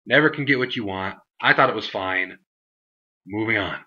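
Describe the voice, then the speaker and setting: A man's voice: fairly low pitch, normal speed, sharp tone, highs cut off. A young man reviewing a wrestling show in a casual vlog, rambling with many fillers and mocking put-on voices for the people he quotes.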